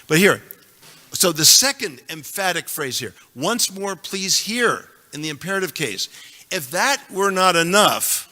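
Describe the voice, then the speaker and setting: A man's voice: fairly high pitch, lively intonation, normal speed, pushed and bright, big-room sound. A man teaching a class on scripture, reciting verses with emphasis and making joking asides to his audience. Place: temple hall.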